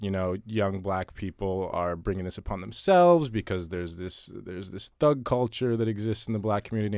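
A very low-voiced man talks through his answers in a relaxed interview, circling back and repeating words as he gathers his thoughts. The sound is close and dry, with no room around it. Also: clear, resonant tone, no room sound. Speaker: interviewee, writer. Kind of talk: casual interview talk.

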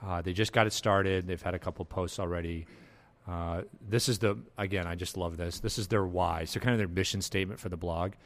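A man hosting a casual podcast chat, animated and quick to laugh. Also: sits low. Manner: animated, quick to laugh and jump into put-on voices. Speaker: podcast host.

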